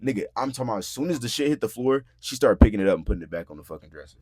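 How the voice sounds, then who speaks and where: A young man hosting a podcast, telling a story in casual, profane talk, acting out quotes loudly and filling his speech with "bro" and "like". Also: mid-range voice, lively intonation, very fast, no room sound, studio quality. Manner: frequent filler words like "bro" and "like". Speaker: podcast host. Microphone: podcast mic.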